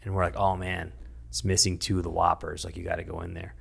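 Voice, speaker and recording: A man's voice: sits low, monotone, fast, creaky, breathy edge. A man, a stand-up comedian guest on a podcast, rambling through a story and laughing as he tells it. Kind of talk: casual podcast chat.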